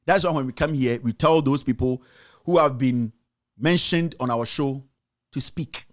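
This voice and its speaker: A man's voice: medium pitch, a little slow. A Ghanaian man, a journalist and show host, giving heated political commentary, firing off accusing rhetorical questions.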